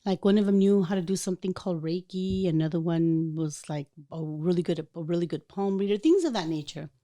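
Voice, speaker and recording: A woman hosting a podcast, chatting casually and telling a personal story in an animated way, acting out the voices of people in it. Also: lowish voice, a little fast. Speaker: podcast host.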